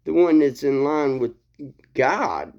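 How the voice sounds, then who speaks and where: A man retells a Bible story in a loose, rambling way. He laughs often, swears casually and restarts his sentences, and his pitch jumps around a lot. The recording sounds dull and lo-fi. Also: very animated, slow, a little mellow. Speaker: video host.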